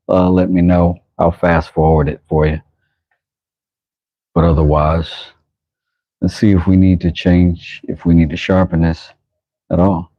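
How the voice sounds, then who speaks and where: Deep husky man chatting on a livestream. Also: dry recording, muffled recording. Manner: chatty, greets viewers, reacts aloud to his work. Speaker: livestream host and knifemaker. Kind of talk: casual livestream chat while working. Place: his workshop.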